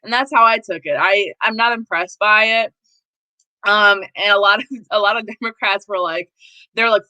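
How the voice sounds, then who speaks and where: A woman's voice: mid-range voice, moderate pace, bright, forceful tone, no room sound, low-quality recording. A woman hosting a casual political live stream, talking bluntly and animatedly with plenty of profanity. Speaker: host.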